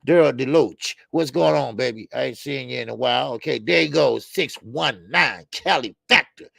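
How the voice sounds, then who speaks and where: A middle-aged man hosts a casual boxing live stream with a heavily gravelly, fry-laden voice. He talks loose and slangy, calling out viewers one by one. The sound is dry and close, with no room around it. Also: medium pitch, moderate pace, fairly bright tone, no echo. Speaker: boxing channel host.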